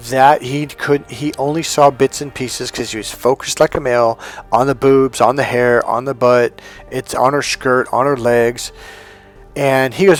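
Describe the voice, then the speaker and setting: A man working as a dating coach, telling a story in a casual, profane, animated way and acting out the voices of the people in it. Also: mid-range voice, normal speed, faint music behind.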